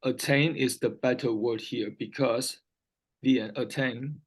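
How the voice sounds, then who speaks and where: A male English tutor works through vocabulary with a single student, taking it slowly, repeating important words patiently, and often asking whether the student understands. His voice is medium-pitched with fairly even intonation, and the audio is poor.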